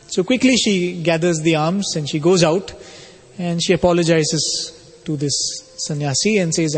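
Husky man telling a spiritual story. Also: on the high side. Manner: measured, explanatory. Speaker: spiritual speaker. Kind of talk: storytelling sermon. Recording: long hall reverb.

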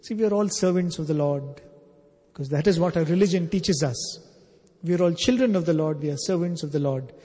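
A man's voice: fairly high pitch, a little fast, warm tone, breathy edge, long reverb tail. A man playing a stern, commanding king. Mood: coaxing.

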